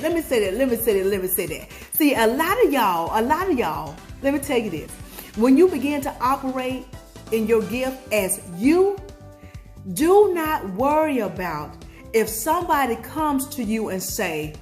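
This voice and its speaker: A woman from Georgia, USA, speaking with a Southern accent and a slightly mellow voice on the high side, gives viewers a preachy motivational pep talk. As a vlogger she asks call-and-response questions and sings short snippets.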